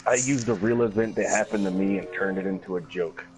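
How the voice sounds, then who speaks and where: A man streaming a game, telling a long story in a casual, animated way, acting out other people's voices and swearing often. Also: low voice, fairly quick, faint music behind, poor audio. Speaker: gaming streamer. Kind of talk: casual storytelling while gaming.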